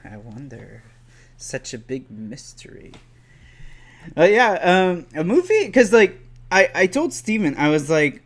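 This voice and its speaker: A young man with a Quebec French accent hosts a casual podcast, talking into a podcast mic. He rambles and hesitates, leaning on fillers, at a slow, easy pace. His voice sits a bit high for a man. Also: wildly swooping pitch. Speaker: podcast host.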